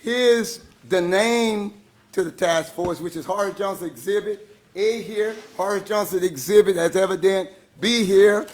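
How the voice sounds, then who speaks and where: Racing against the clock at a school board meeting, a Louisiana man delivers a pressing, forceful public comment. His high-pitched voice is hoarse and starting to fail.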